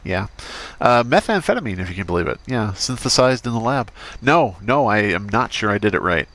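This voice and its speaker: A man with a lowish voice plays a doctor in a roleplay game. His talk is dry and sarcastic, with deadpan asides. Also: brisk. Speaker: streamer playing a doctor character. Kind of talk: in-character roleplay chat.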